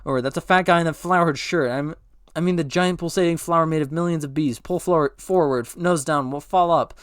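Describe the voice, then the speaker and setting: A man racing through a whole movie script aloud, reading every part himself, stumbling over words and correcting himself in a deadpan way. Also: a little high, brisk, clear, resonant tone, no room sound, clean studio sound. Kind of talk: rapid comedic script read-through, all parts.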